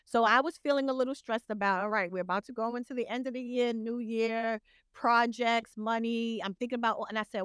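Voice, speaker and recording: A woman's voice: on the high side, steady tone, fairly quick, fairly bright tone, smooth, dry recording, clean studio sound. Encouraging woman on a podcast. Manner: encouraging, motivational, earnest. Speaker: podcast guest, coach. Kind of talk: casual podcast conversation.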